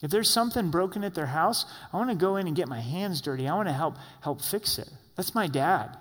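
A man's voice: high voice, animated, a little fast, a bit bright, in a large hall. A man preaching a sermon in a church, in a conversational style with frequent rhetorical questions. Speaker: pastor.

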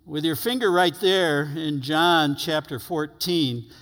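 A man preaching a sermon as pastor, earnest, stretching key words and letting phrases fall to quiet endings. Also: fairly high pitch, slow pace. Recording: long hall reverb.

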